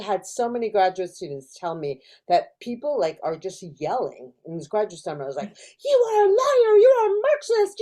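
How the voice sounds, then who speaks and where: A woman's voice: medium pitch, darkish tone. A middle-aged woman professor talking in an interview over a video call, thoughtful, with many fillers and restarts. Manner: thoughtful, lots of fillers and restarts, acts out quoted voices. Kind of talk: casual academic discussion. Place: in California.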